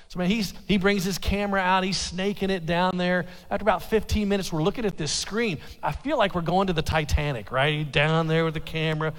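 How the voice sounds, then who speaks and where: Brief: male pastor, high voice, lively storyteller who stumbles and restarts, long church echo. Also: quick pace. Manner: animated storytelling, stammering restarts. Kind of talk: sermon with personal story. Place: church sanctuary. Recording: long hall reverb.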